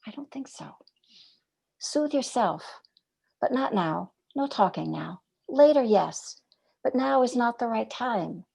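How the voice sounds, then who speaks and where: Her voice is on the high side, expressive, and slightly rough with vocal fry as she gives a reflective dharma talk as a meditation teacher. Gentle and measured, she asks rhetorical questions and lowers certain phrases nearly to a whisper.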